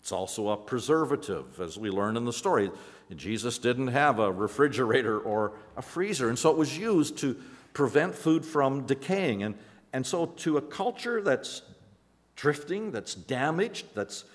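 A man delivers a sermon from the pulpit in a conversational way, stumbling over repeated words and then pressing key phrases with slow emphasis. His pitch swings widely as he preaches. The sound carries the long reverb of a church sanctuary. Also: big pitch swings. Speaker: pastor.

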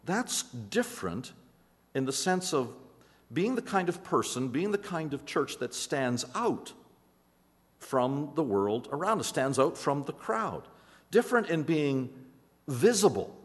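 Male pastor, conversational sermon, lively rising and falling pitch, long church reverb. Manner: conversational preaching with repeated restarts and emphatic pauses. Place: church sanctuary.

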